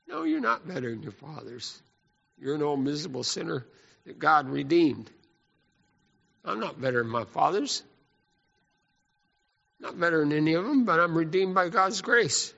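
A man delivers a sermon in an animated, folksy style, his gravelly, bright voice on the high side. He keeps a moderate pace with long pauses, and the muffled recording echoes through a church hall.

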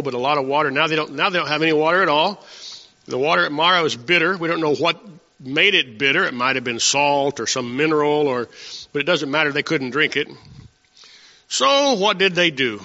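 A pastor with a gravelly, bright voice on the high side preaches a sermon in a hall. His conversational style features rhetorical questions. The sound is dull, with long hall reverb.

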